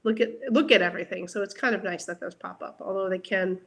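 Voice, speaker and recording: A woman's voice: mid-range voice, steady tone, fast talker, vocal fry, fairly bright tone. Upbeat woman reading viewer comments. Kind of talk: casual live chat.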